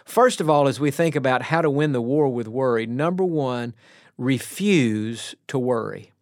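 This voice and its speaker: A man's voice: mid-range voice, darkish tone, no room sound, studio quality. Earnest man preaching a radio sermon. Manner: earnest, plainspoken, slows down to stress scripture.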